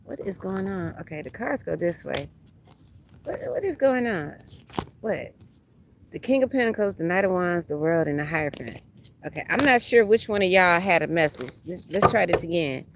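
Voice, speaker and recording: A woman's voice: lowish voice, lively intonation, normal speed, noisy background. A woman, doing a casual livestream tarot reading outdoors at a beach, talking bluntly and profanely to her viewers. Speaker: tarot reader.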